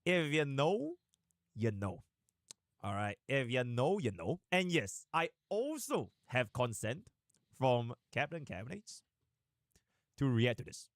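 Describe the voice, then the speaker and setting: A man live streaming and chatting casually, animated and rambling, with sudden fast bursts. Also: medium pitch, no room sound, clean studio sound.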